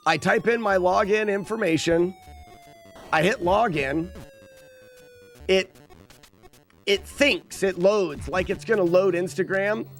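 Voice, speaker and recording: A man chats through a gameplay stream in a loose, rambling way, often restarting his sentences. His pitch rises and falls a lot as he talks. Faint music plays under his voice. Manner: chatty, rambling, self-correcting. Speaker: streamer and father. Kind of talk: casual gameplay live stream chat.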